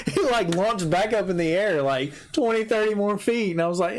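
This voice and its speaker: A man hosting a podcast, chatting casually and telling animated stories with frequent laughter and acted-out quotes. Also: sits high, normal speed. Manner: animated storyteller, laughs often, acts out his own quotes. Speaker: podcast host. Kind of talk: casual chat.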